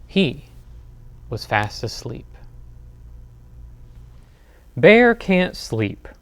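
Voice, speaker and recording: Slow, lively bedtime story reader, man. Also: medium pitch, smooth, no echo. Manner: slow, expressive read-aloud with dramatic pauses. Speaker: children's librarian.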